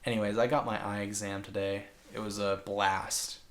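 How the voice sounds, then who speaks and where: A man's voice: lowish voice, flat delivery, moderate pace, fairly bright tone. A man co-hosting a podcast, telling casual stories in a rambling way, full of "like" and restarts. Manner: rambling storyteller full of fillers. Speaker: podcast co-host. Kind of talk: casual chat.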